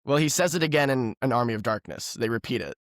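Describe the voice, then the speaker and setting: A man's voice: mid-range voice, expressive, quick pace, no echo, studio quality. A man co-hosting a movie podcast, rambling in a casual chat and laughing often. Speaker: podcast co-host.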